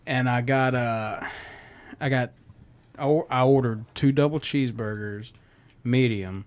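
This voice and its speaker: A man at a middle pitch, ranting profanely on a casual comedy podcast. He tells his story in a loose, cursing, conversational way. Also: unhurried. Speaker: podcast co-host.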